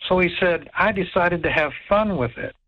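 Man, somewhat high voice, stammering storyteller, muffled radio sound. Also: lively intonation, normal speed. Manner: stammers and repeats words, acts out quoted voices. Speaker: guest telling a ghost story. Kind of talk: animated spoken anecdote.

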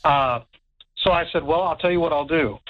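A man telling a ghost story in an animated way, stammering, repeating words and acting out what others said. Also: fairly high pitch, normal speed, muffled recording, a little hiss or hum. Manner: stammers and repeats words, acts out quoted voices. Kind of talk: animated spoken anecdote.

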